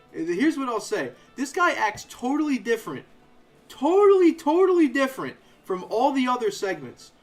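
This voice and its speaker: A young man with a fairly high voice talks through a live game playthrough in a loose, casual way. He drifts from low-key narration into animated, sarcastic rants. Faint game music plays beneath him. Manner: ranting, sarcastic, animated asides. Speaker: game streamer.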